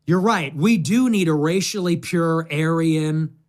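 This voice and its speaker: High whiny young guy, far-right fan, a man putting it on, sing-song mockery. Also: a little slow, natural voice. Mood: smug.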